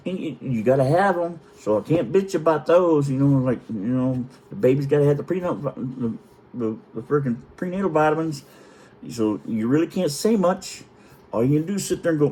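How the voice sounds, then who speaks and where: A middle-aged man spins a comic story from his own life, cursing freely and acting out every quote. His voice sits at an ordinary middle pitch but swings widely up and down as he performs the scenes. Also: brisk. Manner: profane, animated, acts out quotes in varied voices. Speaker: storytelling vlogger.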